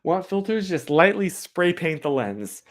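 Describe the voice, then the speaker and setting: His voice is high-pitched and very animated, yet he never hurries. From a cold room, this streamer talks into his streaming microphone, rambling with lots of "like" and answering chat messages head-on.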